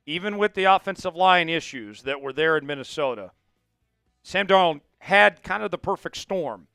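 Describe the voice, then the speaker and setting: Energetic man hosting a sports show. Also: a little high, clear, resonant tone, no room sound. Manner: energetic, hyped delivery with frequent asides to viewers. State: voice cracking, coughing fits. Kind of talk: live sports talk show.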